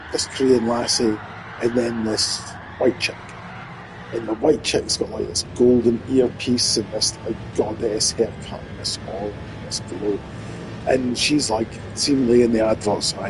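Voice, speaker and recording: A man streaming live, rambling and swearing through an animated monologue. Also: mid-range voice, unhurried, background noise.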